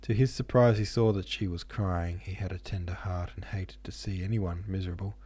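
A man narrating a classic novel in a measured, steady reading. His voice sits low, with a husky edge and a dark, mellow tone. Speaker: podcast host and audiobook reader.

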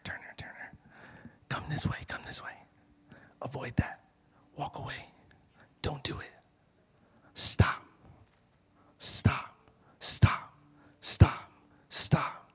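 A soft, whispered voice of God, steady and urgent, leaning close with quiet directions, put on by a male preacher. The tone is breathy and low, almost lost in a hush. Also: slow pace, pauses often, exaggerated voice. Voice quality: whispered, hushed.

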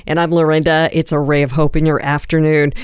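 A woman radio host in a studio, with a smooth, crisp voice and very dry close sound. She is upbeat and enthusiastic, gushing warmly over her guest. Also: low-pitched, little pitch movement, fairly quick, no echo. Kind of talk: radio interview.

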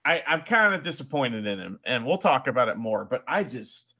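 A man's voice: medium pitch, big pitch swings, normal speed, sharp tone, breathy edge. A man co-hosting a casual wrestling podcast, talking animatedly and laughing often. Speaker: podcast co-host. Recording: muffled lo-fi podcast audio.

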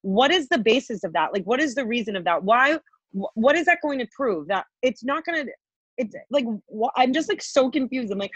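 A woman's voice: a little high, expressive, brisk, a bit bright, slightly rough, no echo. A woman co-hosting a podcast, ranting heatedly with constant swearing and filler likes. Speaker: podcast co-host. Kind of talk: angry political rant.

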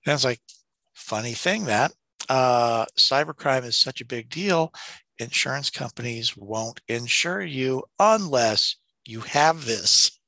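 Bright, dry-voiced ranting male storyteller. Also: medium pitch, slow, gravelly, dry recording. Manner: animated storyteller, rants with profanity. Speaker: podcast co-host. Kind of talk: casual chat.

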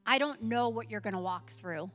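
A woman's voice: fairly high pitch, normal speed, a bit bright, long reverb tail, soft background music. Impassioned woman pastor preaching. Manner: impassioned, emphatic repetition. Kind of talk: sermon. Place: church sanctuary.

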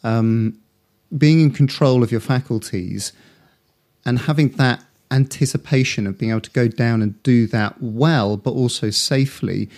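A man's voice: medium pitch, unhurried, a little mellow. A man hosting a podcast interview, asking long, rambling questions in a chatty, lightly joking way. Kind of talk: conversational interview.

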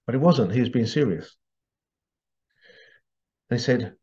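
A podcast host talks in a casual, wandering monologue, restarting phrases and chuckling as he goes. His voice sits at an ordinary pitch with a dark, relaxed tone, and the recording sounds dull and lo-fi. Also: moderate pace, pauses often. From Britain. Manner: rambling, conversational, laughs often, frequent restarts.

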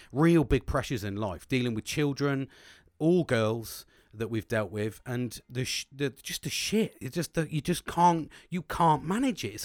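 A man in his forties talks openly in a rambling, sweary monologue. His voice rises and falls a lot, with a medium pitch. The sound is close and dry. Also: a little mellow, no echo. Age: 40s. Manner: sweary, rambling, emotional openness. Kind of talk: candid casual monologue.

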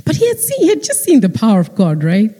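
A woman preaching a sermon, retelling a story in lively fashion and acting out the characters. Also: fairly high pitch, fast, breathy edge. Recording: long hall reverb.

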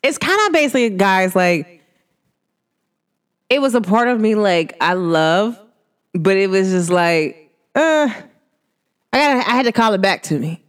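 A chatty spiritual reader delivers a casual energy reading directly to listeners in a smooth, animated voice. Her pitch sits in the middle yet swings widely, with long hums between thoughts and sudden high jumps into laughter.

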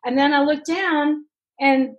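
Middle-aged woman, high voice, lively anecdote teller who laughs through it. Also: unhurried, rough recording. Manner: animated, laughs often. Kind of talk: casual storytelling.

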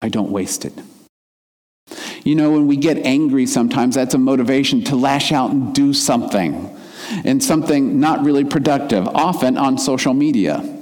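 A man's voice: medium pitch, moderate pace, a little mellow, long reverb tail. A man delivering a sermon in an earnest, reflective way, his emphasis rising and falling as he makes his points. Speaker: minister.

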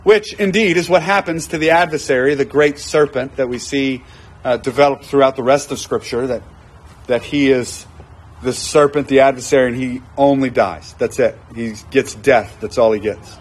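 A man's voice: mid-range voice, moderate pace, breathy edge. A man preaching a conversational sermon, acting out quoted voices and repeating lines for emphasis. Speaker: pastor.

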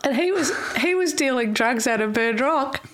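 A woman's voice: high voice, animated, normal speed, a bit bright. A middle-aged woman, a former chef telling rambling stories in a casual chat and laughing often.

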